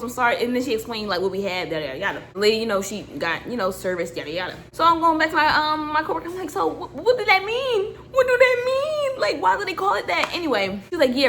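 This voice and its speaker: A young adult woman vlogger chatting casually as she reacts to a video, telling a story in an animated, slangy way with lots of laughing. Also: a little high, a little hiss or hum.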